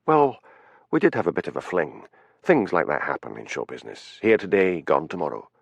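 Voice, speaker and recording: A man plays a haughty actress who answers in clipped, indignant bursts. Her voice sits a touch above his low, gravelly tone, with lively swings in pitch. It sounds close and dry, like a storybook reading. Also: brisk, dry recording, full character voice. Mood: evasive. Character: haughty middle-aged woman actress, defensive.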